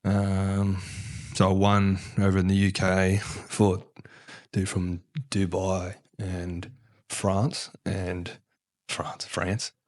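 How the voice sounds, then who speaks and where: A deep-voiced Australian man swaps rough, swear-laden stories on a podcast. His tone is blunt and casual, with laughter breaking in, and his voice sits low. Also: monotone, drawn-out words. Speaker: guest. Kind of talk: casual interview chat.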